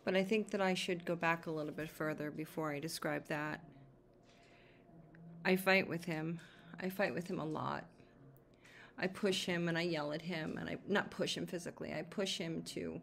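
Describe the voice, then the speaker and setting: Brief: lower-voiced woman caregiver, shaken and worried, halting video-diary talk, faint room hum behind. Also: fairly even intonation, gravelly, fairly bright tone. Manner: halting, repeats herself, many fillers. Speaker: caregiver to her husband.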